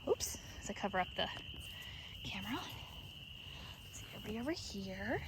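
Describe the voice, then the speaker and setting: A woman's voice: medium pitch, moderate pace, pauses often, noisy background. A woman vlogging at night in her sheep pen, chatting to the camera and cooing fondly at her animals. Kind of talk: casual vlog narration.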